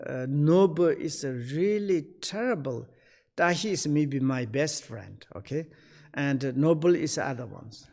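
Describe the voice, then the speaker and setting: A man with a slightly raised speaking voice teaches the dharma in an online session. His English comes in halting pieces, padded with fillers, and he acts out short snatches of everyday conversation. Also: fairly high pitch, darkish tone. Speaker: Buddhist teacher.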